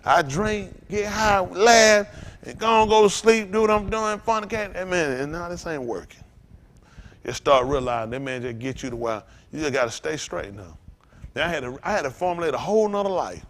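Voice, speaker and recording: Animated preaching man, slightly high voice. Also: moderate pace. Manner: animated preaching with loose vernacular storytelling. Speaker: pastor. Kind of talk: sermon.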